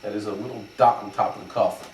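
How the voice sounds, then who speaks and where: Rabbi teaching in an echoey room. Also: male voice, on the low side, fairly even intonation, fast, recorded from a distance. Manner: methodical, spells out examples with frequent fillers. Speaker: rabbi teaching Hebrew pronunciation. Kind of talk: explanatory lesson. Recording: echoey room, voice from off the mic, faint background noise.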